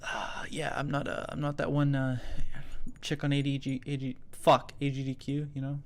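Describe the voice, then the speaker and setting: A young man giving casual, profane gameplay commentary in a low-energy mumble. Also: completely flat delivery, moderate pace. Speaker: gamer. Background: game music.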